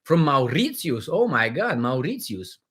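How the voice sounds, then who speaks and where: Man, middle-aged, livestream host, rambling, joking, mid-pitched, lots of fillers. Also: sing-song, measured pace, a bit bright, husky. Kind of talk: casual livestream chat reading viewer comments.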